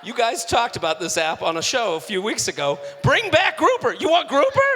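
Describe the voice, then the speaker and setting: Very high-voiced man joking on a live stage. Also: huge pitch swings, a little fast, breathy edge. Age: 30s. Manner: loud, joking, crude, laughs often. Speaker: podcast co-host. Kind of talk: live comedy podcast hosting. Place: theater stage before a live audience. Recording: reverberant live venue, faint noise.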